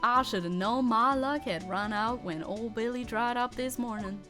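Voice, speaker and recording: Laid-back cowboy detective, read by a woman, easygoing drawl, fairly high voice, faint music behind. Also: normal speed, close to an everyday voice.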